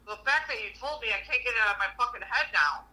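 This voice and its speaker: A woman's voice: a little high, animated, quick pace, pushed and bright, poor audio. A woman co-hosting a podcast in casual chat, blunt and bawdy with constant swearing. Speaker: podcast co-host.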